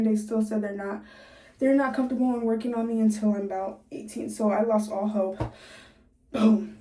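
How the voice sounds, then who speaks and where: A woman's voice: on the high side, mellow, far from the mic. A nineteen-year-old woman telling a story casually to her viewers, chatty and laughing often, with a sore jaw from recent surgery. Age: young adult, 19. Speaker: vlogger. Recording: echoey room.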